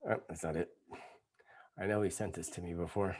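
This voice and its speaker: A man's voice: deep voice, fairly even intonation, brisk, a little mellow. A middle-aged man hosting a live stream, talking in an indignant, sarcastic rant and reading viewer comments. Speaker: psychic host of live stream.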